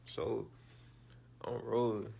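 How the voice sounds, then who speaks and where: A man's voice: lowish voice, little pitch movement, extremely slow, creaky, dark tone, slight background noise. A man casually telling a personal story, loose and profane, with lots of fillers and repeated words.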